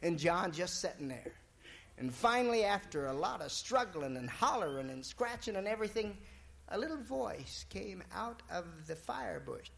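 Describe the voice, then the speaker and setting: A man telling a folk tale in a drawling, folksy, relaxed way. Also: sits high, normal speed, creaky. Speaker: storyteller.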